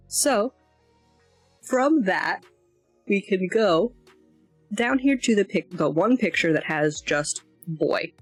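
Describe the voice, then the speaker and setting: This language-learner streamer has a gravelly, husky voice on the low side, recorded without any room sound. Yawning and worn out, she stumbles through a casual lesson, hesitant and rambling, laughing at her own expense.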